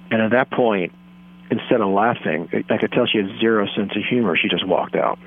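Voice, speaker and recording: Casting: earnest, rambling man in his thirties, slightly low voice, phone-line sound. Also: normal speed. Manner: earnest, self-deluded, rambling. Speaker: caller telling a story. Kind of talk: deadpan comic storytelling.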